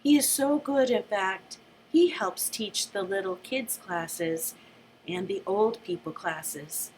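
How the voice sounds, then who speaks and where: A woman teacher reading a book aloud with a lively, shifting delivery, then summing it up casually. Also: medium pitch, slow, slight background noise.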